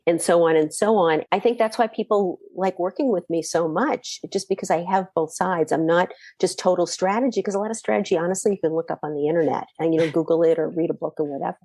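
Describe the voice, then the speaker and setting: Middle-aged woman coach from Boston, chatty storyteller, lower register, dry close sound. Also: quick pace, hardly any pauses, no echo. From Boston area, USA. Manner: animated, chatty, frequent fillers. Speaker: guest, mindset coach. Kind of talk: conversational storytelling.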